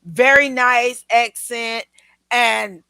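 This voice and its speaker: A woman preacher hosts a relaxed chat in a high, bright voice, taking her time and teasing her listeners. She calls them y'all and honey, and her voice is recorded close and dry. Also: drawn-out words, gravelly, clear, resonant tone, no echo. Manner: animated, teasing, addresses viewers as y'all and honey. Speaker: preacher and show host. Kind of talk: casual interview chat.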